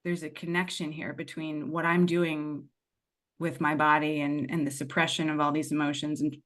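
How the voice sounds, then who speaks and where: A woman's voice: low-pitched, moderate pace. A woman guest on a podcast telling a personal story candidly and expressively, wandering off into side remarks as she goes. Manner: expressive, digressive storyteller who acts out her past self. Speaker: podcast guest, money mindset and tapping coach.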